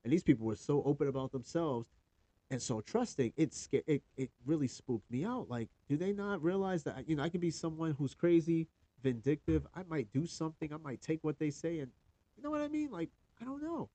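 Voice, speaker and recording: A man around forty hosts his own podcast alone, rambling candidly with lots of fillers and some swearing. His voice is a little high, warm, and fairly quick, with no echo.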